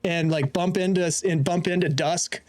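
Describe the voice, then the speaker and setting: A man's voice: high-pitched, fairly even intonation, moderate pace, darkish tone. A man running a tabletop game as dungeon master, narrating while searching for his words.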